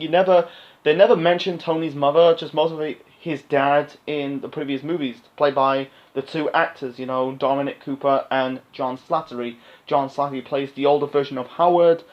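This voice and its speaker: A man's voice: medium pitch, highs cut off. A man giving a casual, rambling movie review on his channel, full of fillers and restarts. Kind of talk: casual unscripted review monologue.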